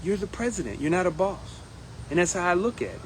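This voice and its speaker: A man speaking in a casual campaign monologue as a union steward, animated and acting out others in quotes. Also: sits high, quick pace, a little hiss or hum, low-quality recording. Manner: animated, acts out members' voices in quotes. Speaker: union steward running for president.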